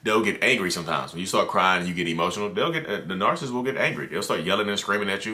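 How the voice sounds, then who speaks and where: Deep-voiced man talking casually to camera. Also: fast talker, few pauses, sharp tone. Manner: conversational and loose, with many "you know" and "like" fillers and restarts. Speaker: mental health content creator.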